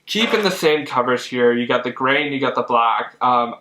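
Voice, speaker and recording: A young man chatting casually while unboxing comics, excitable and full of fillers and gushing. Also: mid-range voice, normal speed. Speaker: comic collector vlogger. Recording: echoey room.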